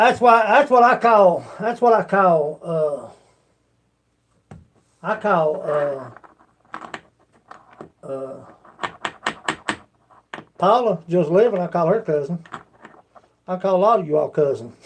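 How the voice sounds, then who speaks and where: A man's voice: high-pitched, animated, takes it slowly, pauses often. A man with an Appalachian accent, chatting casually with his livestream viewers in a rambling, folksy way. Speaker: livestream host.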